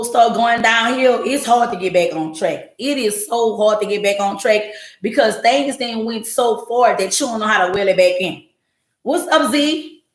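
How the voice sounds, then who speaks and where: A woman in her forties hosting a podcast, talking bluntly and with plenty of profanity in a casual monologue to her listeners. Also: a little high. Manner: blunt, profane and animated, jumping into quoted voices. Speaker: podcast host. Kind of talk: casual monologue to a live audience. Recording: echoey room.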